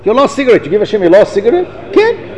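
A man teaching a Torah class to an audience, reading Hebrew passages and translating them, acting out the dialogue in animated bursts. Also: high voice, rapid-fire, in a large hall. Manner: animated, reads Hebrew text then translates, acts out dialogue. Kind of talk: Torah lecture.

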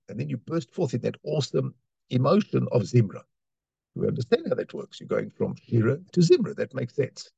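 A man's voice: mid-range voice, big pitch swings, fast talker, vocal fry, dark tone, slightly rough, no echo, lo-fi sound. A man teaching a Torah class, reading Hebrew phrases and explaining them in English, often repeating words as he searches for the next one. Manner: reads Hebrew lines then translates, with repetitions and restarts.

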